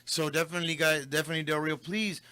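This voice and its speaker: A fairly high, bright man's voice, swapping between English and Spanish as he tells a story on air. The sound is close and dry, with no room around it. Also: level tone, fast talker, no room sound. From Del Rio, Texas. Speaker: radio host. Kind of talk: casual radio talk.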